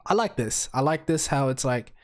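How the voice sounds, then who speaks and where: A sick, hoarse-sounding man casually reviews anime episodes, rambling excitably and swearing heavily. His voice sits at a medium pitch and he talks at a normal speed.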